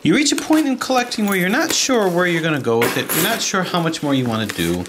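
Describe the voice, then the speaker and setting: At home at night, a puzzle collector and video host unboxes and demonstrates a puzzle, chatting with eager enthusiasm and talking fast. His pitch swings widely, and a steady hiss and clicks run beneath the noisy home video recording.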